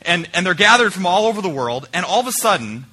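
A male pastor preaching a conversational sermon in a church, swinging between emphatic points and quiet, searching questions. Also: high voice, sing-song, quick pace, husky. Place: church sanctuary.

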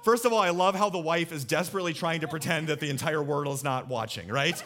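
A man preaching a sermon as pastor, animated and acting out little voices for emphasis. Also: on the high side, quick pace.

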